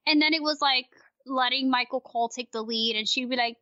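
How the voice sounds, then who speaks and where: A woman guest on a casual podcast, talking in an animated, ranting way and swearing freely. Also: sits high, fairly quick, hardly any pauses, dry recording. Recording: dry, dull lo-fi sound.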